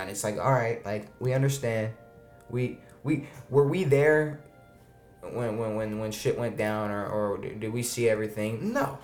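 A man's voice: medium pitch, normal speed, darkish tone, soft background music. Rambling young-sounding podcast guy, roomy. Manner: rambling, restarts often, swears casually. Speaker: podcast co-host. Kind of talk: casual chat.

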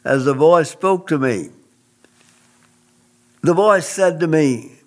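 A man's voice: on the high side, expressive, slow, pauses often. A man telling a personal testimony in an interview, speaking in an earnest, emphatic, preacherly way.

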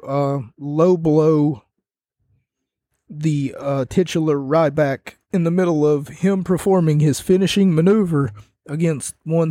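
A young man giving a rambling, casual wrestling recap that grows animated as he retells the scenes. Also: on the high side, no room sound. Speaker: wrestling commentator.

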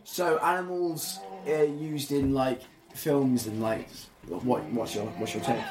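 A young man co-hosting a casual film watch-along, teasing, excitable and sweary. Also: mid-range voice, takes it slowly. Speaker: co-host reacting to a film. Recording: roomy echo with crowd noise behind.

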